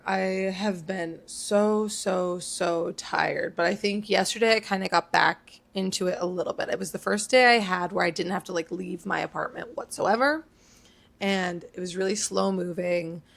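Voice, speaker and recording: A woman's voice: medium pitch, moderate pace, vocal fry, fairly bright tone. A woman in her late twenties co-hosting a podcast, chatting casually and rambling through stories with lots of fillers. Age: late 20s. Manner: rambling, filler-heavy storytelling. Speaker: podcast co-host. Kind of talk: casual chat.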